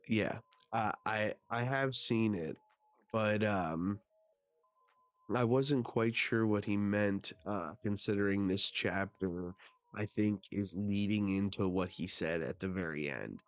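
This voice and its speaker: A man hosting a casual live manga reading, excitable and stammering in his asides. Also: on the low side, takes it slowly, dry recording. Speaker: manga reaction host.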